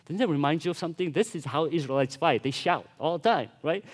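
Pastor, male, lively storytelling sermon with playful asides, slightly high voice. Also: quick pace. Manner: animated storytelling, acting out voices with casual asides.

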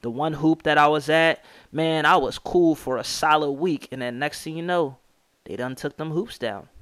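A man's voice: a little high, normal speed, a bit bright, no room sound, clean studio sound. A young American man hosting a sports podcast, talking casually and with strong opinions, rattling off stats and slang. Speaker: podcast host.

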